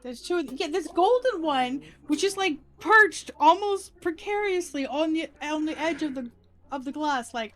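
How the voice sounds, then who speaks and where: A woman streaming a block-building game in casual chat, giggly and excitable, with squeals when she is delighted. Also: high voice, unhurried.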